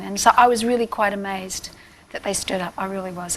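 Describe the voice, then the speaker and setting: A woman's voice: medium pitch, fast, fairly bright tone, slight background noise. An Australian woman, a talk-show guest, chatting in a self-deprecating way and laughing easily. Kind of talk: casual chat.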